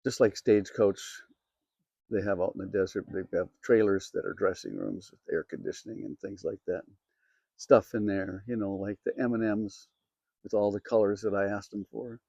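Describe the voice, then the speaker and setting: A man's voice: fairly low pitch, steady tone, normal speed, gravelly, dark tone, no room sound, highs cut off. A middle-aged man from Minnesota, a country singer and host, telling a story in a chatty, self-amused way with lots of fillers. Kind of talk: casual storytelling to camera.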